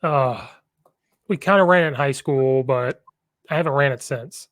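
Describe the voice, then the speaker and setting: A man's voice: medium pitch, moderate pace, fairly bright tone, no room sound. Eager, rambling male podcast host. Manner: enthusiastic, rambling storyteller. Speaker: podcast host, football coach. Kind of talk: casual coaching chat.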